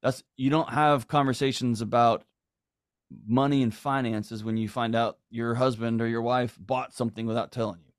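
A middle-aged man speaks in earnest, emphatic podcast talk, now and then acting out what people say. His voice sits at an ordinary pitch for a man. The sound is dry and close, with no room around it. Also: steady tone, moderate pace, dry recording. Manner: earnest, emphatic, acts out quoted lines. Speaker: guest.

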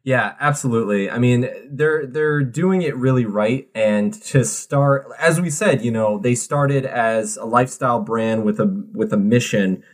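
Upbeat playful podcast co-host. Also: male voice, medium pitch, measured pace, few pauses. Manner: upbeat, playful, with filler-heavy restarts. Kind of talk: casual chat.

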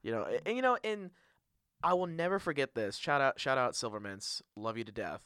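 A young man hosting a casual podcast chat, excitable and quick to laugh, often repeating himself as he tells stories. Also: medium pitch, clean tone, no echo, studio quality. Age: young adult. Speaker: podcast host.

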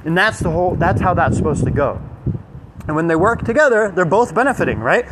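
A man's voice: high voice, animated, a little fast, noisy background. A man giving a casual motivational talk, rambling with many fillers and asking "right?" again and again. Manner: rambling, filler-heavy, keeps checking with "right?". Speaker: self-help speaker.

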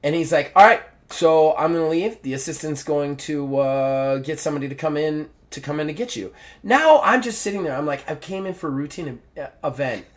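A man's voice: on the high side, brisk. A man hosting a podcast, telling a story casually and acting out the people in it. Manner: animated storyteller acting out dialogue. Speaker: podcast host. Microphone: podcast mic.

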